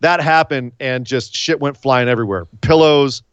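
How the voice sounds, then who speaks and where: A man co-hosting a casual podcast, excitable and animated, acting out big moments with shouts and laughs. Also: medium pitch, moderate pace, clear, resonant tone, dry recording, dull audio. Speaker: podcast co-host.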